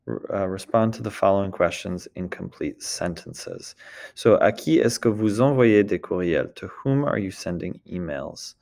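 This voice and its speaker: Male French teacher, low gravelly voice, patient step-by-step explaining. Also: a little mellow. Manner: explains step by step, often checks with "d'accord?". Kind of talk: recorded lesson walkthrough.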